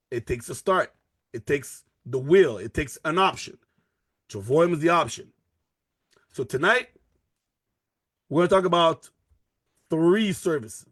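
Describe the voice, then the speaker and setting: Energetic man pitching a business opportunity. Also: no echo. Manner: energetic, pushy sales pitch with repeated phrases. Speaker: presenter of a network marketing opportunity. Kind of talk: live online sales presentation. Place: at a computer, sharing his screen in a live video call.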